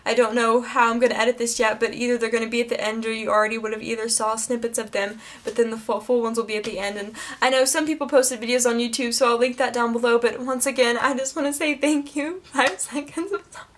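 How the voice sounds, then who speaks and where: A woman's voice: a little high, steady tone, fast, few pauses. A teenage girl vlogging, gushing with many fillers and close to tears. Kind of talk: emotional casual vlog.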